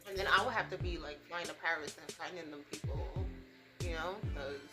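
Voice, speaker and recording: A woman's voice: low voice, fairly even intonation, brisk, loud music behind the voice. A young woman vlogging casually while doing her makeup, blunt and profane, full of slang and "like". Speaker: beauty and gossip vlogger.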